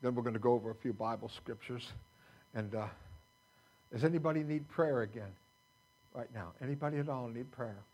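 A man's voice: mid-range voice, brisk, pauses often, darkish tone, poor audio. A man pastor preaching a sermon in a folksy, conversational way, quoting scripture to his congregation. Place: church sanctuary.

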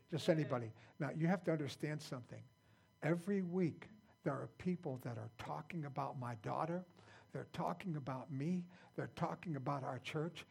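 Older man, pastor, church sermon, gravelly, very husky, folksy, repeats phrases. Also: mid-range voice, a little mellow. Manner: plain-spoken, folksy, repeats himself. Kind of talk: informal sermon.

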